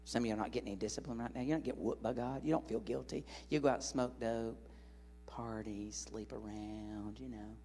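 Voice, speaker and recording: A man preaching a sermon in a large church hall, an animated, joking storyteller speaking into a stage microphone. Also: mid-range voice, fairly quick, a little hiss or hum.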